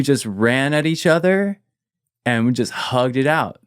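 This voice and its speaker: A man's voice: medium pitch, expressive, a little slow, smooth, no room sound, clean studio sound. A man, a guest in an interview, telling a personal story casually and leaning on "like" as he goes. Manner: casual, fills with "like", trails off quietly.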